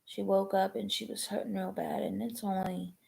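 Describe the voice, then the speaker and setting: A woman, chatting casually on a live stream, rambling and halting with many ums and restarts. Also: medium pitch, flat delivery, gravelly, warm tone. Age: 20s.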